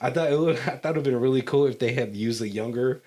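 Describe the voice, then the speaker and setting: A man's voice: mid-range voice, fast talker, dark tone. A man co-hosting a casual movie commentary podcast, rambling through a plot recap, often searching for words and laughing between thoughts. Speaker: podcast co-host.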